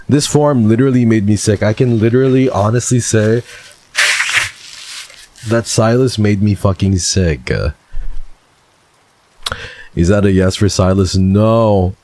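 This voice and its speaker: A man's voice: lowish voice, unhurried, pauses often, dark tone. A man streaming live, reacting in casual, exasperated commentary full of swearing.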